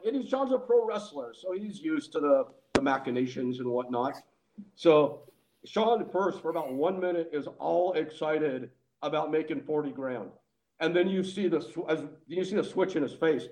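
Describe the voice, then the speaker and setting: A man tells a story in relaxed chat, his voice sitting higher than most men's. He laughs easily and jumps into the voices of the people he quotes. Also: normal speed, poor audio. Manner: animated, laughs often, acts out quoted lines. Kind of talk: casual storytelling.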